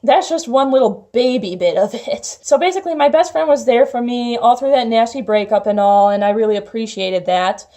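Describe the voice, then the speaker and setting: A woman's voice: fairly high pitch, brisk, few pauses, warm tone. A young woman vlogger telling a personal story in a chatty, casual way, full of "like" fillers. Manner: chatty, heavy use of "like" fillers.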